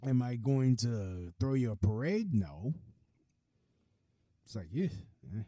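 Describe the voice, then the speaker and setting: A man hosting his own podcast, delivering a profane, heated solo rant that swings from low mutters to loud outbursts. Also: big pitch swings, slow, no room sound. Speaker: podcast host. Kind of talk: ranting solo podcast monologue.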